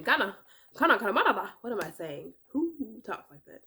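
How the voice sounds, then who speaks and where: A young woman giving casual advice in a chatty, animated vlog, correcting herself with playful asides. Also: mid-range voice, fast. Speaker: vlogger.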